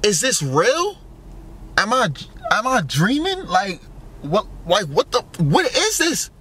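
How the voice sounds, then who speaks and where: A man's voice: high-pitched, wildly swooping pitch, slow, sharp tone, husky. A young man rambling through a casual monologue, wondering aloud with lots of fillers and swearing. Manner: musing, full of fillers and profanity, wondering aloud. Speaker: vlogger.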